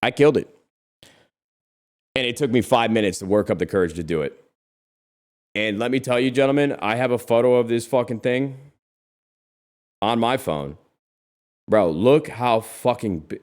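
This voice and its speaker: Animated, profane man telling a story. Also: mid-range voice, normal speed, long pauses. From lives in Texas. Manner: animated, profane, calls listeners bro. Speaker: podcast host. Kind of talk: casual storytelling chat.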